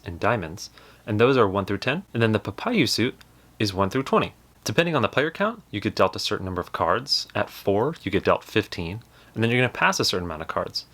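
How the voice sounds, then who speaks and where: Chatty young man with a low voice. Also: fairly bright tone. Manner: chatty, self-deprecating, laughs while telling. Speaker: board game channel host. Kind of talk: casual storytelling and game explanation.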